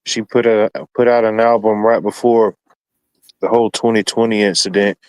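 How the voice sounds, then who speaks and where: A low-voiced man recounts a story to friends in a relaxed, halting way, filling pauses with ums. The recording is close and dry. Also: clear, resonant tone, dry recording, low-quality recording. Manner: relaxed, hesitant, many ums and uhs. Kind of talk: casual storytelling in a group chat.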